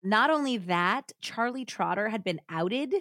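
A woman's voice: mid-range voice, animated, measured pace, a bit bright, no room sound, studio quality. A woman hosting a podcast, telling a true-crime story casually with many fillers and laughs. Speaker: podcast host.

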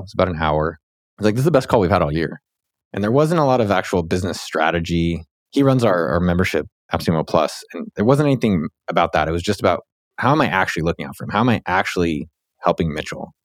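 A man's voice: sits low, lively intonation, fast talker, dry recording, studio quality. A man hosting a podcast, talking casually and animatedly with frequent restarts. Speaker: podcast host. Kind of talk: casual interview chat.

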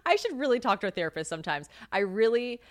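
A woman's voice: on the high side, sing-song, fast, no echo, studio quality. A young woman hosting a casual solo podcast, rambling and swearing freely, laughing often. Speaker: podcast host. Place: home kitchen.

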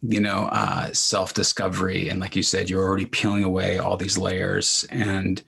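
A male podcast host with a very deep voice that crackles into fry and carries a husky edge. He talks in an encouraging, affirming way, stretching out his thoughts as he goes. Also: flat delivery, normal speed, fairly bright tone. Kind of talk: casual interview chat.

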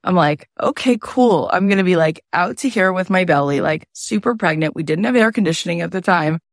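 Woman, 30s, lower voice, animated storytelling, casual filler words, dry close recording. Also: dry recording. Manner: animated, fast, full of "like" and quoted self-talk. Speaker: podcast host telling her story.

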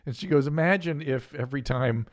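A man hosting a casual podcast chat, talking quickly and animatedly and laughing often. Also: mid-range voice. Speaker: host.

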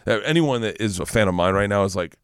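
A man's voice: fairly low pitch, quick pace, smooth, no echo, clean studio sound. Rowdy American man telling a story. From United States. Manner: animated storyteller, swears freely, bursts into loud acted quotes. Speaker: comedian guest. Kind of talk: casual podcast chat, storytelling.

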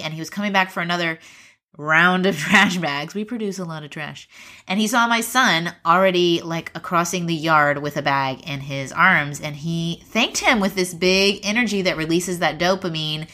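A woman's voice: on the low side, pushed and bright, no echo, clean studio sound. A woman hosting a faith-based parenting podcast, talking in an earnest, chatty way and laughing easily. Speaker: podcast host. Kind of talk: casual podcast chat and ad read.

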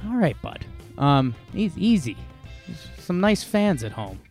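A man's voice: on the high side, sing-song, unhurried, a little mellow, soft background music. A man co-hosting a podcast, chatting casually about sports bets in a rambling, joking way with many restarts. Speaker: podcast co-host making betting picks.

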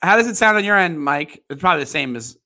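Podcast co-host, man, riffs jokes, high and lively voice. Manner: quick riffing, jokey asides. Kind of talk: casual comedic chat.

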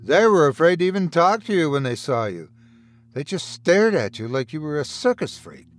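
Narrator plays a sinister male doctor: slow, quiet, mocking, pitch that leaps around. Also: sing-song. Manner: taunting, slow and hushed.

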